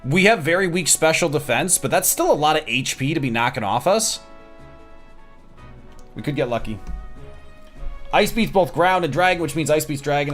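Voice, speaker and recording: A man's voice: a little high, sing-song, moderate pace, pauses often, a bit bright, soft background music. Chatty man streaming a game. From Wisconsin. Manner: chatty, self-deprecating, thinking aloud. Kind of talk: casual gameplay commentary.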